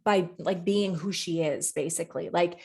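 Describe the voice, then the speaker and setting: A woman's voice: on the low side, normal speed, a little mellow. A woman co-hosting a podcast and coaching, chatting casually and candidly, swearing freely as she tells stories with animation.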